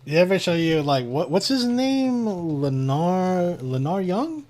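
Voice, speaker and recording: A man's voice: sits high, sing-song, unhurried. A man streaming, chatting casually and swearing at his computer. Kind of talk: casual live-stream chat.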